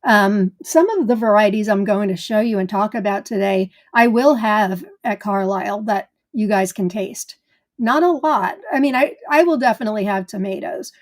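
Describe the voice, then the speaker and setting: A woman's voice: medium pitch, moderate pace. A woman hosting a live gardening stream in casual chat, greeting viewers by name in a chatty way.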